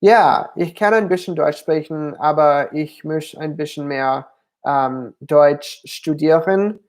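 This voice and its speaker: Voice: medium pitch, slow pace, darkish tone. A language channel host answering viewer questions on a livestream, hesitant and thinking aloud with frequent ums.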